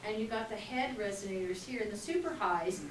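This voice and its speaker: A woman's voice: medium pitch, animated, brisk, a little hiss or hum. A woman voice teacher coaching students, demonstrating sounds and laughing often as she encourages them. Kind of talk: classroom voice coaching. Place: classroom. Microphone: distant camera mic. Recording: echoey classroom, far mic, piano music. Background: piano.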